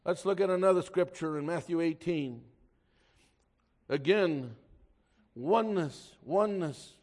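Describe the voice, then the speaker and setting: A fervent preacher with a high voice gives a sermon to his congregation. He grows loud and slow on the points he stresses, then sinks low and quiet to read scripture in old-fashioned language.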